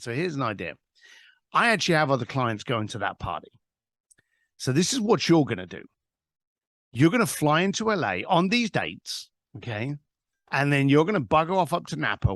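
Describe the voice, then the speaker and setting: A man's voice: medium pitch, a bit bright, no echo, clean studio sound. A man, a guest telling an anecdote in an interview. He acts out both sides of a phone call. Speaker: guest, author. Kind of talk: storytelling interview.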